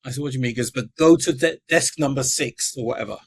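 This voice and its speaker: A man's voice: mid-range voice, quick pace, husky. A middle-aged man, a podcast guest telling his life story and acting out the voices of the people in it. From England.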